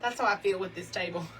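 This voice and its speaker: A woman's voice: mid-range voice, a bit bright, far from the mic, a little hiss or hum. A woman hosting a casual wreath-making tutorial in her home craft room, chatty and bubbly. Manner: chatty, bubbly, breaks into little sing-song bits. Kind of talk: casual crafting demo chat.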